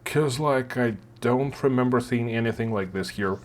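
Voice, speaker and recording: A man's voice: mid-range voice, normal speed. A man with a Russian accent, hosting a reaction video and chatting casually, thinking aloud with lots of fillers.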